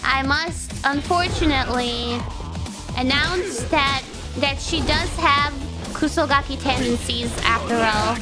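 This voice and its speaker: A young woman streamer chatting casually, excitable and teasing, breaking into squeals and laughs. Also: high voice, measured pace. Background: background music.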